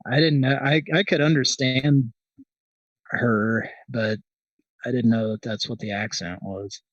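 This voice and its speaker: A man's voice: medium pitch, steady tone, measured pace, a bit bright, dry recording, recorded from a distance, highs cut off. Rambling, hesitant male co-host. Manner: hesitant, rambling announcer patter. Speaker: comedy show co-host. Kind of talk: casual banter.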